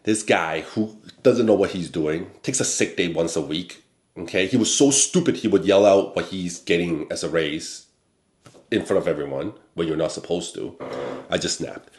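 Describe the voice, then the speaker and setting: A man hosting a talk show, telling a personal work story in a blunt, animated way, often tagging "okay?" onto his points. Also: low-pitched, normal speed, reverberant. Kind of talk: casual storytelling monologue.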